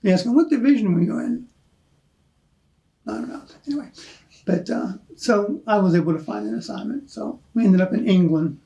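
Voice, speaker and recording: A man's voice: high-pitched, lively intonation, a little fast, dark tone, poor audio. An older American man, an Army veteran, telling rambling anecdotes in an oral history interview, chuckling often. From United States. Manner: rambling anecdotal storyteller, chuckles, many "you know"s. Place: hotel room.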